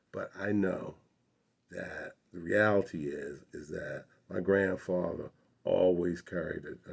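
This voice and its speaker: A man's voice: deep voice, creaky, a little mellow, breathy edge. A man in his sixties telling a personal childhood story in an earnest, reflective way.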